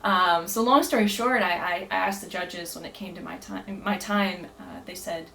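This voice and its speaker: A woman's voice: fairly low pitch, steady tone, normal speed, gravelly, fairly bright tone, slight background noise, poor audio. A woman guest on a podcast, telling her story earnestly with many fillers and frequent laughter. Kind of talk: casual storytelling.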